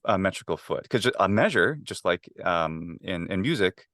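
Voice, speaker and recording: Deep-voiced man explaining eagerly, dry sound. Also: animated, a bit bright, no room sound. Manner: enthusiastic, halting with many fillers and restarts. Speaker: guest, Latin teacher. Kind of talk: casual interview explaining Latin.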